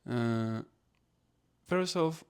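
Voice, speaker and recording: A man's voice: medium pitch, animated, drawn-out words, darkish tone, clear, resonant tone. A man hosting a casual solo podcast, rambling in non-native English phrasing. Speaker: podcast host.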